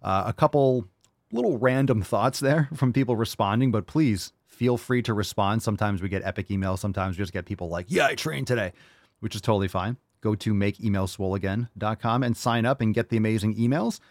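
A man's voice: on the low side, a little fast, darkish tone, dry recording. Male host, casual fitness chat, blunt and profane, dry mic. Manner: blunt, profane, tough-love ranting. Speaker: podcast host.

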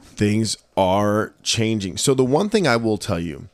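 A man hosting a casual podcast chat, an animated storyteller who acts out the people he quotes. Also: lowish voice, a little slow, no room sound. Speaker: podcast host.

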